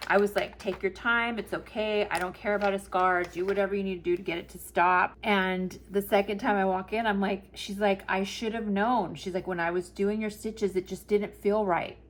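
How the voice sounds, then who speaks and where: Medium in pitch and moderately paced, a woman in her forties talks with hardly any pauses. As a planner vlogger, she tells a long, chatty story, animatedly acting out the dialogue she repeats.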